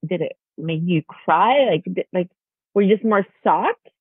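A woman's voice: on the low side, animated, measured pace, husky, dry recording. A woman hosting a podcast interview, encouraging her guest with short prompts and reactions. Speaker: podcast host. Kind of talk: casual interview. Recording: tinny phone-like audio.

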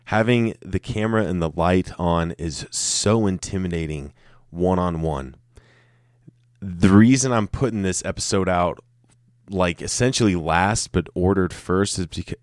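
A man's voice: sits low, measured pace, a little mellow, dry recording, studio quality. A man in his thirties from Colorado, hosting a casual solo podcast, rambling and self-mocking and swearing freely. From Colorado, United States. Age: 30s. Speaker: podcast host. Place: room with a camera and light set up.

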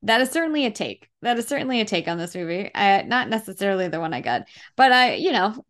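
A woman chats about a film on a casual podcast, easygoing and hedging, filling her talk with "like". Her pitch sits in the ordinary middle range. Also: big pitch swings, fast talker, fairly bright tone. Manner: easygoing, hedging, many "like" fillers. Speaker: podcast co-host. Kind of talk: casual movie-review chat.

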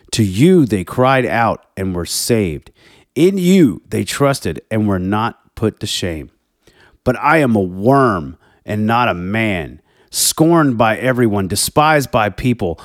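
A man's voice: no room sound, clean studio sound. A man hosting a personal faith talk, speaking with heated emphasis and reading scripture aloud. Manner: emphatic, heated, animated pitch swings. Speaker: podcast host.

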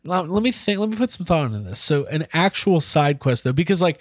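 A man's voice: on the high side, lively intonation, fairly quick, dry recording, studio quality. A man guest co-hosting a podcast, talking enthusiastically in a rambling, casual way. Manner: enthusiastic, rambling, restarts mid-thought. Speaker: guest co-host. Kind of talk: casual chat.

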